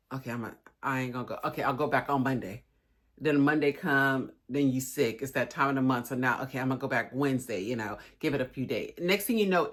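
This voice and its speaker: A woman's voice: low voice, fairly bright tone. A young woman giving a casual, encouraging vlog talk, chatty and sometimes emotional. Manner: chatty, encouraging, says y'all a lot; emotional, voice cracking at times. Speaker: lifestyle vlogger.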